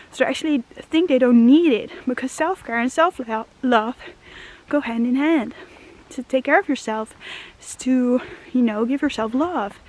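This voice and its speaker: A woman walking through a forest, a little out of breath, talking in an earnest, musing way about self-love with many "you know" fillers and frequent laughs. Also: sits high. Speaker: vlogger. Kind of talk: walk-and-talk spiritual vlog. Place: forest path outdoors.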